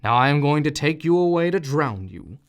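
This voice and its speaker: A man doing a mean, gruff brute of a peasant. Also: mid-range voice, expressive, moderate pace, lightly acted. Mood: threatening.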